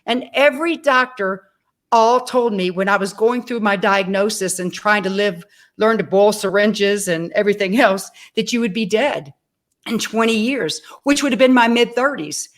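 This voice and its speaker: A woman in her sixties, a guest on an interview show, telling her own story in a lively way, acting out the dialogue and speaking directly to the audience. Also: medium pitch, moderate pace. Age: 60s. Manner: animated, acts out dialogue in her stories. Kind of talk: personal storytelling.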